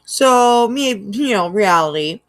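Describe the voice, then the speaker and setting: A woman's voice: medium pitch, animated, slow. A woman hosting a casual reaction livestream, chatty and laughing often as she reads out chat. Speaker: livestream host.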